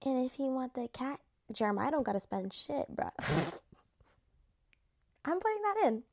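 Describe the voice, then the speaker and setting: A woman's voice: high voice, sing-song, unhurried, a little mellow. A young woman chatting casually to camera while ranking reality show contestants, full of fillers and slang.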